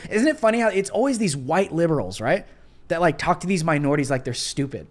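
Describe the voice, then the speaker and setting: A man's voice: big pitch swings, fast. A young adult man hosting a casual opinion livestream, sarcastic and mocking, who talks loosely with many fillers. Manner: sarcastic, mocking, mimics others in high voices. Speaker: livestream host.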